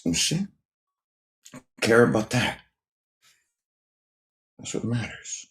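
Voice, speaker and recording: A man's voice: fairly low pitch, very animated, slow pace, fairly bright tone. A man hosting a casual livestream monologue, talking emphatically, repeating phrases and firing rhetorical questions at the chat. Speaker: livestream host. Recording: echoey room sound.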